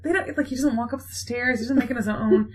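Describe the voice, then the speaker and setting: A woman co-hosting a podcast, casually retelling a play with playful quick mock voices. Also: a little high.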